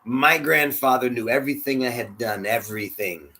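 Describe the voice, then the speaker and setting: A man's voice: medium pitch, normal speed, a little hiss or hum. Man preaching a heartfelt story. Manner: emotional, swings from hushed to loud, acts out quotes. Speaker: church spiritual leader.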